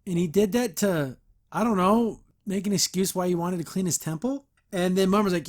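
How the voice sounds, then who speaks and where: Man, podcast host, casual cartoon recap, mocking asides, fairly high voice. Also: fairly quick, darkish tone. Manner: mocking, incredulous asides with chuckles. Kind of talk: casual episode recap and reaction.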